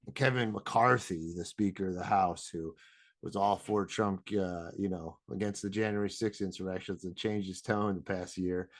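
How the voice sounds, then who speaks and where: A man's voice: low-pitched, steady tone, normal speed, no room sound. A man co-hosting a podcast in casual chat, blunt and profane, sounding indignant. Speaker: podcast co-host.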